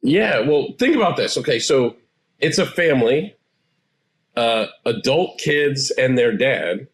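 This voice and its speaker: A man in his forties, a therapist guest, explaining things in a calm, assured way. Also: medium pitch, unhurried, husky. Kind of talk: interview answers.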